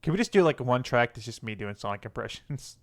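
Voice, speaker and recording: A man's voice: mid-range voice, lively intonation, fast. A young man co-hosting a casual gaming podcast, joking and laughing as he rambles. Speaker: podcast co-host.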